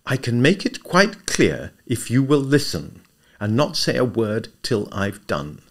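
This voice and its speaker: A man voicing a brisk, impatient young woman who speaks firmly. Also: medium pitch, huge pitch swings, pitched above the performer's own voice. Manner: impatient, firm.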